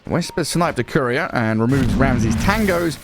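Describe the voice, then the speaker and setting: A man with a Northern English accent giving lively play-by-play commentary on an esports match, excitable and quick to laugh. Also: medium pitch, background noise. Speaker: esports caster. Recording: music playing underneath.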